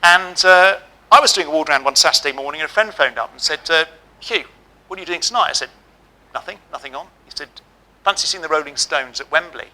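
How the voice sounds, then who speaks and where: A man's voice: a little high, a little fast, bright, forceful tone, rough recording. A middle-aged man giving a ceremony address, telling a humorous hospital anecdote and giving direct advice. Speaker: ceremony speaker. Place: lecture hall.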